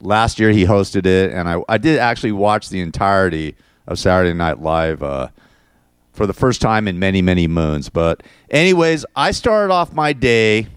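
A man's voice: low-pitched, lively intonation, moderate pace, clean tone, no room sound, clean studio sound. Crude rambling middle-aged male host. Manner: rambling, crude, venting, frequent "man" and restarts. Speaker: podcast host. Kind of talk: casual solo monologue.

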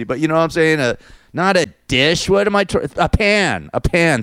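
A middle-aged man hosts his own show in a loose, rambling monologue. His voice is smooth and resonant, and the recording is dry and close with no room sound. He tells his stories with crude humor and plenty of swearing. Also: fairly high pitch, normal speed, no echo. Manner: crude, swearing, animated storytelling. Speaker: show host.

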